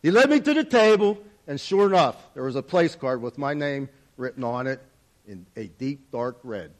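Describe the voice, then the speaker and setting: A man's voice: mid-range voice, animated, moderate pace. Earnest man telling a dramatic parable. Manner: earnest, dramatic storytelling with wide swings in volume. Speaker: storyteller. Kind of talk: first-person spoken parable.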